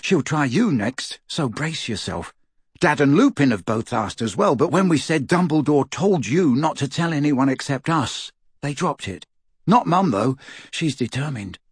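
A man's voice: mid-range voice, expressive, a little slow, husky, no echo, studio quality, pitched above the performer's own voice. A man voicing a loyal teenage boy who talks in a blunt, chummy way, part of a storybook audiobook. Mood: conspiratorial.

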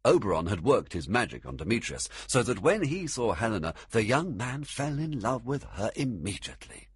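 A man narrating a storybook in an expressive read-aloud manner. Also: medium pitch, moderate pace, slightly rough, no room sound, clean studio sound.

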